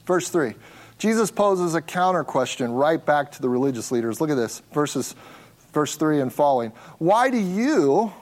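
A man with a notably high-pitched voice delivers an expository sermon. He leans hard on key words, slowing down to stress them. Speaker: pastor.

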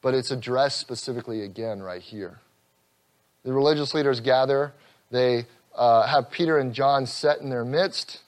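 A man preaching an expository sermon, earnest, rising loud on scripture and dropping soft, with an occasional chuckle. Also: medium pitch, normal speed. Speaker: pastor.

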